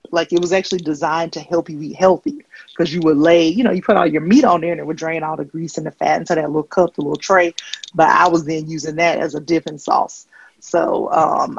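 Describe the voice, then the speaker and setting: Deadpan gravelly woman doing stand-up. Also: deep voice, lo-fi sound, slight background noise. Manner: deadpan, rambling asides with filler ums. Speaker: stand-up comedian. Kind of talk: stand-up comedy set. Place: comedy stage.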